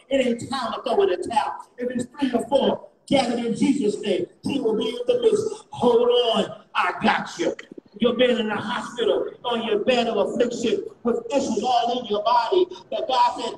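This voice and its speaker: A man preaching a fervent sermon as a guest bishop, repeating refrains and rising to shouts. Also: extremely high pitch, fairly even intonation, normal speed, a crowd in the background. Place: church sanctuary. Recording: echoey church, distant mic, faint noise.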